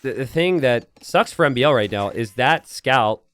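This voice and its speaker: A man's voice: medium pitch, expressive, normal speed, a bit bright, smooth. A man commentating on a strategy game match live, breaking down the map and each player's plans in an easygoing way. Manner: analytical, easygoing.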